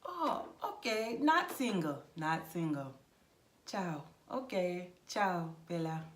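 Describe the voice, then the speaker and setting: A woman voicing a flirtatious Italian man who smoothly coaxes a tourist to come along with him. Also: on the low side, animated, takes it slowly, echoey room. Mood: backing off. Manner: coaxing, insistent, overly friendly.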